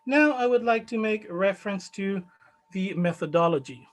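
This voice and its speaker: A man with a Chilean Spanish accent presenting his study in a conference talk, measured and full of fillers. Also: sits high, low-quality recording. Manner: measured, many fillers, stresses key words.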